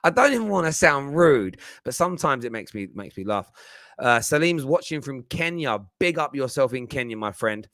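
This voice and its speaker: A man's voice: mid-range voice, sing-song, moderate pace, a bit bright, no echo, clean studio sound. Chatty man hosting a football stream. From England. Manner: chatty, banters with viewers. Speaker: football podcast host. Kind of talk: live-stream phone-in chat.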